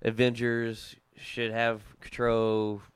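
A man's voice: medium pitch, completely flat delivery, slow, smooth, no echo. A young man with a Southern US accent, telling a story animatedly as a podcast co-host and laughing often. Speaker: podcast co-host recapping comics. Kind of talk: casual chat.

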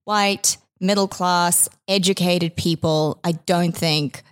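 A woman's voice: on the low side, steady tone, takes it slowly. A woman co-hosting a podcast in casual chat, talking freely with lots of fillers and the odd swear word. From immigrant living in Australia. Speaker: podcast co-host.

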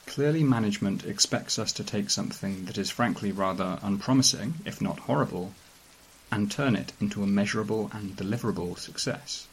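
A man reading a strange first-person story aloud in a calm, dry, measured way. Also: fairly low pitch, slight background noise, low-quality recording. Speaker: narrator. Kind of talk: scripted narration of a weird fiction story.

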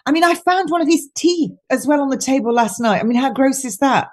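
Chatty and mocking, a British woman guesting on a podcast as a nutritionist laughs a lot while telling her stories. She speaks fairly quickly in a high-pitched, expressive voice.

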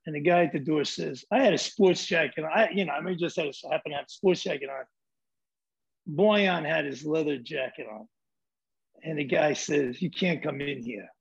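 Gravelly, husky New York man. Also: a little high, highs cut off. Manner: swaggering, profane, rambling. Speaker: film director guest. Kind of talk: casual storytelling.

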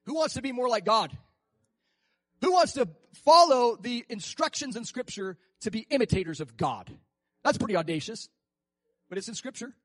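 Man, preacher, sermon, high voice, dry close sound, acts out quotes. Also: normal speed, no echo. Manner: animated, acts out quotes and laughs often.

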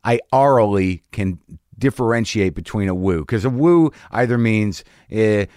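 A man, a comedian guest on a podcast interview, telling crude road stories in a profane, animated way. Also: on the low side, moderate pace, no echo, studio quality.

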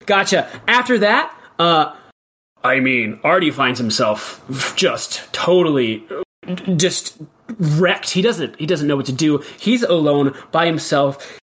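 A podcast co-host pitching a silly plot in loose comedic chat. Rambling, full of restarts, and quick with joking asides. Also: expressive, a bit bright. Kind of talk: casual comedic storytelling.

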